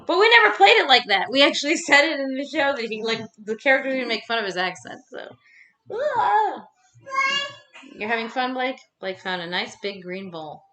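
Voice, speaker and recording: A young woman rants casually to camera at home, rambling and swearing freely. Her voice sits a bit high and swings widely in pitch. The sound is bright, with a roomy echo around it. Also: normal speed. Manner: rambling, swears freely, animated ranting with fillers. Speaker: vlogger. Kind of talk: casual ranting chat.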